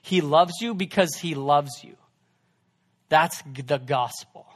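High-voiced young pastor preaching conversationally. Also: male voice, slow. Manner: conversational preaching, swings between loud emphasis and hushed asides. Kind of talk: sermon.

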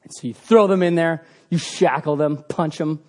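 A man preaching a sermon, telling the story with animated sound effects and swinging between loud bursts and hushed passages. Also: a little high, moderate pace.

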